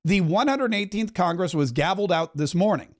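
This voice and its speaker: A man's voice: sits high, expressive, brisk. A middle-aged man hosting a political podcast, giving chatty live commentary with wry asides over a broadcast.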